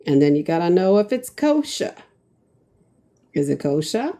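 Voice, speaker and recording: A woman's voice: fairly low pitch, very animated, unhurried, warm tone. A woman putting on a broad New York accent. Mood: joking. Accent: New York (put on).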